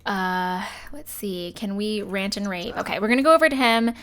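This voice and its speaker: Woman in a let's play host role, expressive and casual, with a mid-range voice. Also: medium pitch, moderate pace. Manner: chatty and expressive, full of fillers. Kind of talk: casual gameplay commentary.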